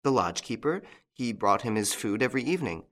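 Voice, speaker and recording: Anxious and breathless, this frightened young French lady pleads in a raised, lilting voice, as a male audiobook narrator puts her on. Her words are quick and fearful, and her pitch leaps up high whenever she is alarmed. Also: big pitch swings, fairly bright tone. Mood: earnest. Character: frightened young French woman of a country estate.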